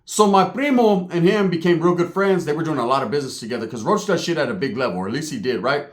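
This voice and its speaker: A man's voice: a little high, animated, fast. A man telling a street story in a casual, profane way, laughing and acting out the people in it. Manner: streetwise, profane, laughing, acts out other voices.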